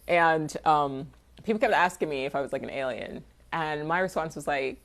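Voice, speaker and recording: A woman's voice: low-pitched, lively intonation, fairly quick. A young woman chatting candidly on a livestream, answering viewers' questions in a rambling, loose way and swearing freely. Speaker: artist hosting a livestream. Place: home, livestream.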